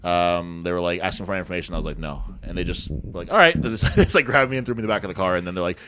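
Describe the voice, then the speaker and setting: A man co-hosting a casual podcast, his voice sitting on the low side and his pace quick. He swears freely, trips over his words and restarts as he acts out what others said. It sounds like friends chatting. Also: background noise. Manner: swears a lot, stumbles and restarts, acts out quotes. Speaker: podcast co-host. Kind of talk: casual chat, storytelling.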